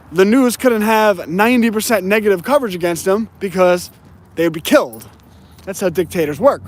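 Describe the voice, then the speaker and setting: Man, high-pitched, opinionated monologue, emphatic, drawn-out stressed words. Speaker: political commentator.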